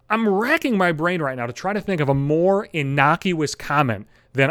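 A man's voice: on the high side, animated, moderate pace, few pauses, a bit bright, dry recording. Profane ranting young man, dry sound. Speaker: podcast host. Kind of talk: comedic rant.

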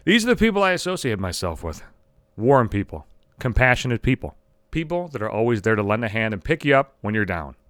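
A man's voice: lowish voice, sing-song, a little fast, a bit bright, no echo, clean studio sound. A man hosting his own podcast, ranting in a casual comedic monologue, profane and self-mocking. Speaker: podcast host.

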